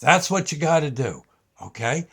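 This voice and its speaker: A man's voice: a little high, animated, normal speed, a bit bright, husky, pitched above the performer's own voice, exaggerated voice. An older man voicing a cheerful, coaxing male host of a children's TV show, speaking in his own everyday voice. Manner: friendly and coaxing.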